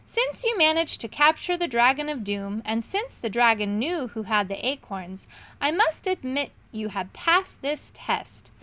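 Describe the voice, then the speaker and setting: A woman's voice: high voice, big pitch swings, unhurried, fairly bright tone, exaggerated voice. A woman voicing a scheming male magician villain, reading with a sneering, mocking manner for a storybook. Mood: smug.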